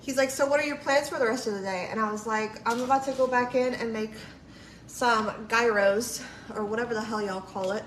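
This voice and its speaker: A fairly quick woman with a voice on the high side chats through a long livestream story, sprinkling in "like," quoting people and swearing freely. The space is echoey, with faint background noise.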